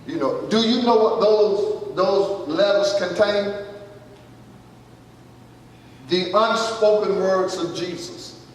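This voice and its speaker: A male pastor preaches in a high voice, talking to the congregation in a folksy, conversational way and asking them questions. He is recorded from far off, and his voice rings through a big echoey church hall over a faint hum of the room. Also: slow pace, pauses often. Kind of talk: sermon.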